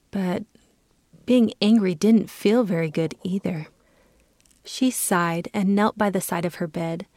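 A woman giving a calm, clear reading as the narrator of a children's story. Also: medium pitch, dry recording, studio quality.

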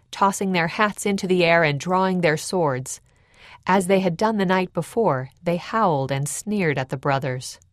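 Measured woman narrating history. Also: fairly low pitch, no room sound, clean studio sound. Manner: measured, even storytelling.

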